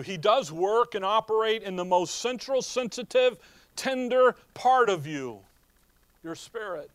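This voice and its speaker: High-voiced, emphatic male preacher. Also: dry recording. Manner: asks the congregation rhetorical "what?" questions. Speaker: pastor. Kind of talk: sermon.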